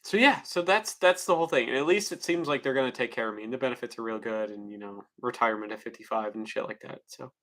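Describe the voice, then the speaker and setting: Male streamer, bright tense tone, loose profane rambling talk to his viewers. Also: medium pitch, fast talker, few pauses. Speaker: livestreamer. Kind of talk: casual livestream chat.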